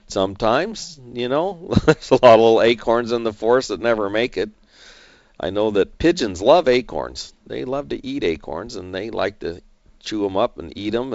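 A man's voice: mid-range voice, no echo, highs cut off. A middle-aged man hosting an investment show, talking in a rambling, chatty way with fillers and chuckles. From San Diego area. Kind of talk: casual market commentary.

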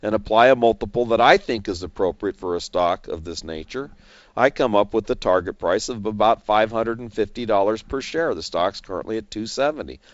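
A man managing investments, talking through a stock in measured commentary that leans on figures and numbers. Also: on the low side, lively intonation, dry recording. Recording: dull, slightly lo-fi dry recording.

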